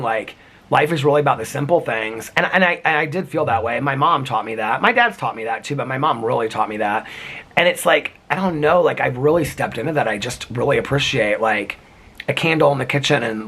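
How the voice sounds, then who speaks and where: A man's voice: medium pitch, pushed and bright, husky. A man vlogging outdoors in the cold, talking to camera in an earnest, rambling way with lots of "like" and restarts. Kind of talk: casual reflective talk to camera.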